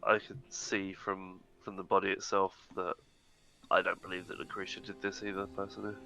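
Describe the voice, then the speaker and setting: A man playing in a tabletop game, talking in a lively, stumbling way with frequent laughs. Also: low-pitched, brisk, vocal fry, soft background music, rough recording. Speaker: player. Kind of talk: casual tabletop play.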